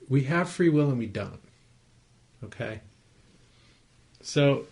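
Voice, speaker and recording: Meditation teacher, male, mid-pitched with a gravelly edge, explains patiently and checks in with the room. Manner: conversational, gently explaining, asks the listeners to confirm they follow. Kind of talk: dharma talk to a group. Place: his home, small group room.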